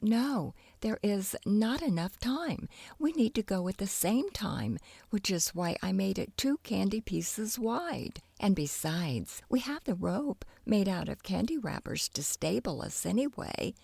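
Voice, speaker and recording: A woman voicing an exasperated, bossy young girl in a children's storybook, shrill and impatient. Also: sing-song, a little slow, gravelly, few pauses, a little mellow, husky, no echo, exaggerated voice. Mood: urgent.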